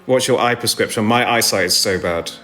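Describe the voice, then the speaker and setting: A man's voice: fairly low pitch, brisk, pushed and bright, faint music behind. A man chatting casually on a live stream from home, rambling and self-deprecating as he answers viewers' comments into his phone. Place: indoors at home.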